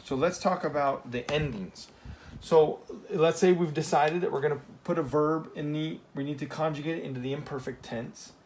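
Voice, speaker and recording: A man's voice: fairly high pitch, moderate pace, darkish tone, slight background noise. A man teaching a Spanish grammar lesson in a casual classroom style, often checking in with "okay?" and correcting himself as he goes.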